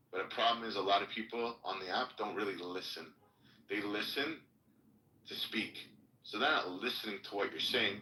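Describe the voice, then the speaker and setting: A man's voice: lowish voice, sharp tone, roomy sound, distant mic, slight background noise, low-quality recording. A man hosting a casual livestream chat, rambling and blunt, swearing now and then. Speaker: livestream host.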